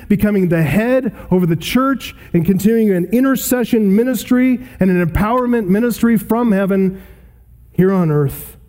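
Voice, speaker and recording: A man's voice: high-pitched, mellow, in a large hall. A male pastor preaching an expository sermon, pressing hard on key words. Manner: emphatic, building to stressed key words.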